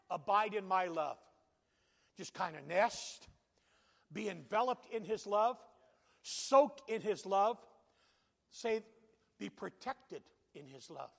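A man preaching a sermon as pastor, with loud swells on scripture and quieter conversational asides. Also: high-pitched, gravelly. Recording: long reverb of a church hall.

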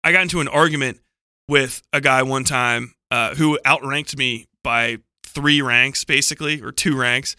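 A man's voice: mid-range voice, fairly even intonation, moderate pace, bright, forceful tone, smooth, dry recording, clean studio sound. A man on a book club podcast, telling a rambling, profane anecdote full of "like" and self-corrections. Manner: profane, digressive storytelling with frequent laughter; heavy use of "like" and self-corrections.

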